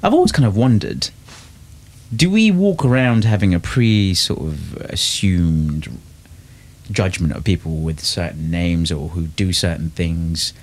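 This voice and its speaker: A man's voice: deep voice, measured pace. A man, hosting a casual podcast chat in a reflective, earnest way. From inner London. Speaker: podcast host.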